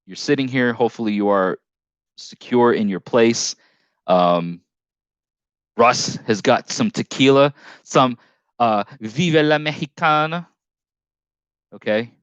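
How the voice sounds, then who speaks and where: A man's voice: mid-range voice, a little slow, long pauses, clean tone, no echo, lo-fi sound. A man hosting a casual live stream, reading chat comments aloud in a rambling, jokey way with frequent restarts.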